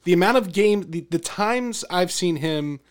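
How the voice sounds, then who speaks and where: A man's voice: sits high, lively intonation, measured pace. A man hosting a podcast, talking sports in casual rambling chat with many restarts. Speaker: podcast host.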